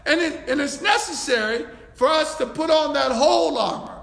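A man preaching a sermon as pastor, building to shouts and often repeating words, with frequent cries of hallelujah and thank you, Lord. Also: very high voice, normal speed, creaky, hardly any pauses, roomy sound, big-room sound.

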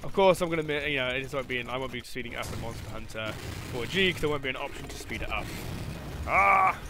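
A young man giving live gameplay commentary, swinging from loud swearing outbursts to low muttering as he plays. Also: fast, a little hiss or hum. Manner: swears and yelps at the game. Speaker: gaming commentator.

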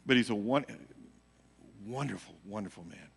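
Bright-voiced pastor in an echoing church. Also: male voice, lowish voice, normal speed, creaky, husky. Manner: animated, acts out quotes, laughs at own story. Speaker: pastor teaching a midweek Bible study. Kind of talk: casual storytelling sermon. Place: church sanctuary. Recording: hall reverb, live church recording.

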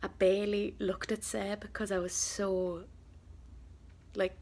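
A young woman vlogging to camera, excited and emotional, hesitant and full of fillers. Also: medium pitch, a little slow. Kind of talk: casual vlog talk to camera. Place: convention arena and outdoors nearby.

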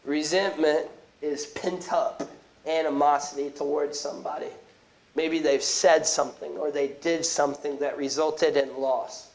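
A male pastor preaching a sermon in church, in a conversational, animated manner with quick restarts and asides. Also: on the high side, poor audio. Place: church sanctuary.

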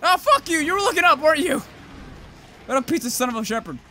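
A young man commentating his own gameplay, rambling to himself and cursing loudly at the monsters. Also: extremely high pitch, expressive, quick pace, a little hiss or hum. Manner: profane, rambling, yells at monsters.

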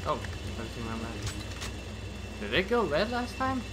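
A man commentating his own gameplay in an excitable way, shouting at enemies and ranting with mock-censored beeps. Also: a little high, unhurried, noisy background. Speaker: let's play gamer.

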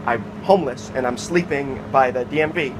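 A man's voice: mid-range voice, a little fast, background noise. A man and homeless activist recounting a robbery to an official in an agitated, profane, insistent way. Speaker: homeless activist telling his story.

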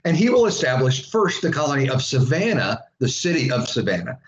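A mid-range, sing-song male voice moves fairly quickly through a casual history lecture, the Florida instructor sprinkling in asides for his students. Recorded in an echoey classroom, the audio is dull and lo-fi with slight background noise.

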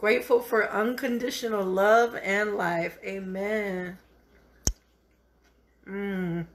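A middle-aged woman hosts a live cooking show in an unhurried, drawn-out way. She encourages her viewers with a preachy warmth and keeps calling them honey. Her pitch sits at an everyday middle height for a woman. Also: steady tone.

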